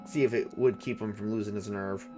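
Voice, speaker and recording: A man's voice: lowish voice, fairly even intonation, fairly quick. A man narrating a solo tabletop game, thinking aloud as he decides what happens. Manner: musing, thinking aloud with fillers. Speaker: solo game master and player. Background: faint background music.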